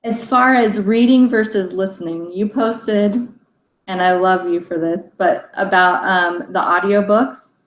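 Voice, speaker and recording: A woman with a mid-range voice hosts a casual livestream book chat at a measured pace, her intonation fairly even. She talks loosely and chattily, with lots of fillers, restarts and frequent laughter. The room is echoey, with faint ambient noise.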